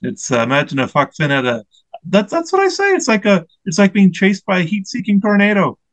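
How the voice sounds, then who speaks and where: A man's voice: high voice, sing-song, fairly quick, a bit bright, low-quality recording. A man in his forties, an interview guest and mental health advocate, telling his own story in an earnest, reflective way and searching for his words.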